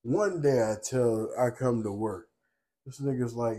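A man's voice: mid-range voice, a little slow. Young male podcast co-host, casual and profane, constantly checks in with the listener, middle-range voice. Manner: profane, streetwise storytelling with constant "you know what I'm saying"; gets loud and laughs when animated. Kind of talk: casual chat.

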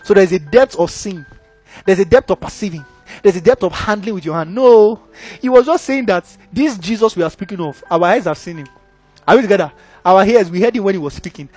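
A young man preaching a sermon in an animated, conversational way, often checking that listeners follow. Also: high-pitched.

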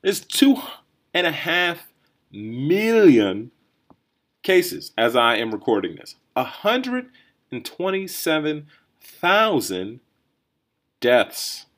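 A man hosting a solo podcast, riffing in a rambling, think-out-loud way with lots of restarts and "right?" tags. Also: a little high, very animated, slow, long pauses. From New Jersey or New York area, USA. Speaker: podcast host. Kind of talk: casual solo commentary.

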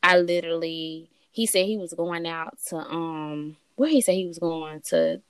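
A woman in her thirties tells a personal story in relaxed conversation, her easy and unhurried. She jumps into the voices of the people she quotes, her pitch leaping up and down. The sound is close and dry. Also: clean tone, no echo. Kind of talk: casual storytelling chat.

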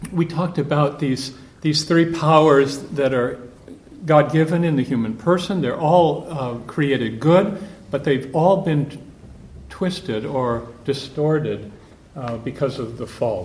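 A priest speaks to a gathered group in a room that rings with echo, a faint hum under him. His manner is loose and anecdotal, as if thinking aloud, his pitch sitting at an ordinary middle. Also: darkish tone. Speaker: priest giving a conference talk. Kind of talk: conversational retreat talk to a group.

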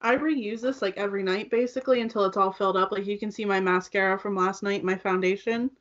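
On a dull, lo-fi recording, a young female co-host rattles along quickly about makeup in a relaxed, chatty way. Her pitch is medium with fairly flat intonation, and "like" fills her speech throughout.

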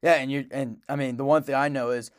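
A man's voice: mid-range voice, fairly even intonation, fast talker, clear, resonant tone. A man co-hosting a podcast in casual chat, laid-back and reacting with short comments. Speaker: podcast co-host.

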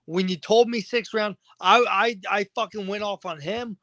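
A man's voice: high voice, fairly even intonation, moderate pace, few pauses, bright, forceful tone, no echo. A man guest on a podcast interview, agitated and venting, swearing constantly. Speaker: fighter guest.

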